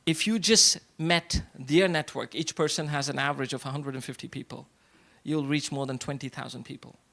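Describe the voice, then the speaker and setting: A man's voice: fairly high pitch, fairly even intonation, moderate pace, gravelly, pushed and bright. A middle-aged man giving a motivational speech to a live audience at a business networking event, asking rhetorical questions and repeating short punchlines. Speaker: event speaker. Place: event hall before an audience.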